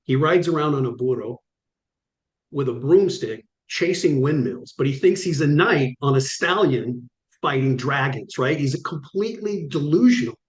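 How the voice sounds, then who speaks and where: A middle-aged man tells his stories with animated drive and acts out the lines of the people in them. His voice sits at an everyday pitch, and the room around him is roomy and echoey. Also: moderate pace. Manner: vivid, acts out quoted dialogue. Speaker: guest. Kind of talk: animated storytelling.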